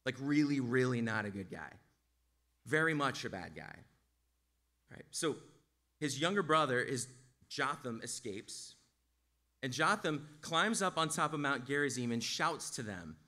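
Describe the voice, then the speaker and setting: A male pastor preaches his sermon casually and conversationally, his medium-pitched voice lively, sharp in tone, and measured, with frequent pauses. He keeps checking in with listeners, sprinkling in plenty of "like" and "right?".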